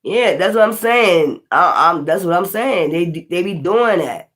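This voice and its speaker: Rough-talking Philly woman tarot reader. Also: lowish voice, animated, a little slow, fairly bright tone. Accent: Philadelphia. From North Philadelphia. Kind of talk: casual livestream chat.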